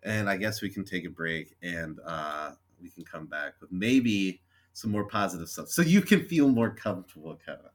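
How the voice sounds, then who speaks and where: A man's voice: low voice, expressive, normal speed. A young man co-hosting a podcast, venting in a frustrated, sweary, sarcastically apologetic rant. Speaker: podcast co-host. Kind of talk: casual chat.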